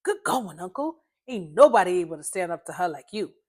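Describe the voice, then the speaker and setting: A woman voicing Kid, an excitable, nosy young man in a storybook reading. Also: on the low side, brisk. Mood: pleading.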